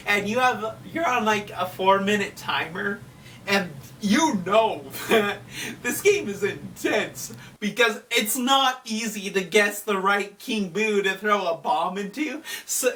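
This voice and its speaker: A woman casually recapping a video game in a chatty, relaxed way, with frequent fillers. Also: medium pitch, recorded from a distance, a little hiss or hum. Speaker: gaming video host.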